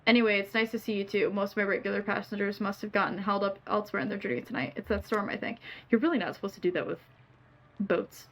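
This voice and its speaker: A woman streamer reading game dialogue aloud with playful asides, her voice a bit hoarse. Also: medium pitch, fast. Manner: reads lines in character, playful asides.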